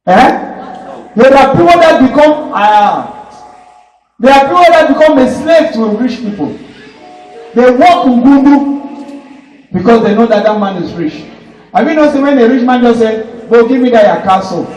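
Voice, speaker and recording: A man preaches in a high, urgent voice and keeps drawing call-and-response from the congregation. He sounds a little distant from the mic in an echoey church hall. Faint background noise sits under the recording. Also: animated, measured pace, long pauses, a little mellow, soft background music. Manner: emphatic call-and-response preaching, prompting replies. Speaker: pastor. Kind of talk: sermon. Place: church service.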